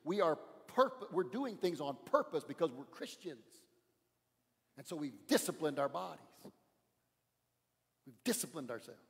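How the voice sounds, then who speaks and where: A male pastor preaching a sermon in a church, pressing his points hard and often dropping his voice low. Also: animated, moderate pace, vocal fry, long pauses, big-room sound. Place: church sanctuary.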